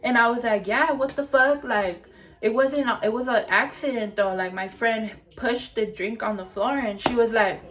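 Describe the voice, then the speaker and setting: A woman's voice: on the high side, normal speed, a bit bright. A young woman vlogger telling a storytime in a chatty, casual way, full of filler words and swearing.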